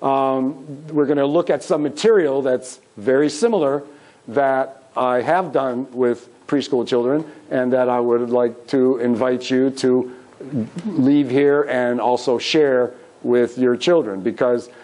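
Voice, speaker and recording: In a conference room with a live audience, a middle-aged man leads a music workshop, upbeat as he guides call-and-response singing while strumming guitar. His mid-range, darkish voice is slow with fairly even intonation, and the recording is rough.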